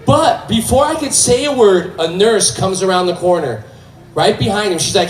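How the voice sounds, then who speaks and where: A male stand-up comedian tells a story in a high, animated voice. The sound is roomy, picked up from a distance on stage, with faint background noise. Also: moderate pace. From United States. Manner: lively storytelling that switches into character voices.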